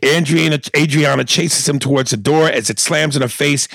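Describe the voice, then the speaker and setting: Gravelly-voiced man reading listener mail. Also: on the high side, steady tone, normal speed, fairly bright tone, no echo. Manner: wry, dry reader who stumbles and corrects himself. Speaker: podcast co-host. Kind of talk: casual chat, reading listener emails aloud.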